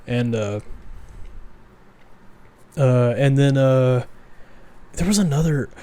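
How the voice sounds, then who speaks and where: A man's voice: medium pitch, warm tone, clear, resonant tone. Young guy on a podcast, kinda hesitant, lots of ums, normal mid voice. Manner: halting and hesitant, many ums. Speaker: podcast co-host. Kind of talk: casual chat.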